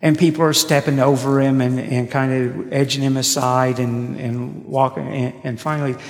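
Male pastor, gravelly voice, storytelling sermon, long church reverb. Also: mid-range voice, steady tone. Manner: storytelling preacher, slow deliberate pauses. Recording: echoey hall, long reverb.

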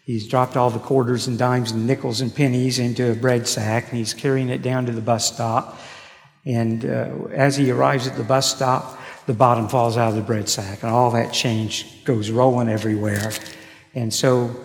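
Gravelly preacher in an echoing hall. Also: male voice, mid-range voice, level tone. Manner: storytelling preacher, slow deliberate pauses. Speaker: pastor. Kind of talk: sermon. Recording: echoey hall, long reverb.

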